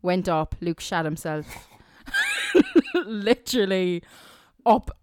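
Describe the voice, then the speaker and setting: An Irish woman co-hosting a podcast at home, teasing and arguing in fast casual chat. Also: lowish voice, huge pitch swings, noisy background. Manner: teasing, argumentative, quick storytelling. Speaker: podcast co-host.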